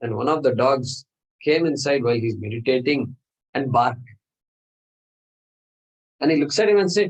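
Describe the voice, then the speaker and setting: A man's voice: medium pitch, animated, normal speed, long pauses, rough recording. Man teaching a scripture class. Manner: explanatory, repetitive phrasing with Sanskrit terms.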